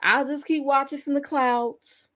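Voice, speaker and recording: A woman with a fairly high voice hosts a casual reaction commentary. She speaks bluntly and candidly, swearing and laughing freely. Her delivery feels like an unscripted chat with viewers. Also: fairly even intonation, unhurried, a bit bright. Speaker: YouTube commentary host.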